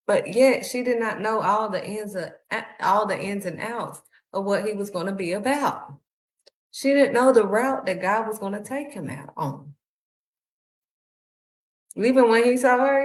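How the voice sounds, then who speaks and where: A woman's voice: mid-range voice, lively intonation, measured pace. A woman, preaching a sermon in a heartfelt, conversational way. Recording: echoey room.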